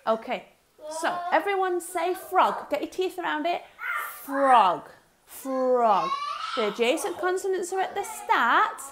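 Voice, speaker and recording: A young woman, a reception teacher leading a phonics lesson in a lively, sing-song way, sounding words out slowly. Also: extremely high pitch, background noise.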